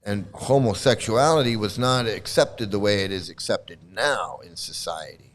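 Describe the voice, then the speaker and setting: A man's voice: lowish voice, expressive, normal speed. An older man giving casual, blunt commentary, rambling with frequent restarts and swearing freely.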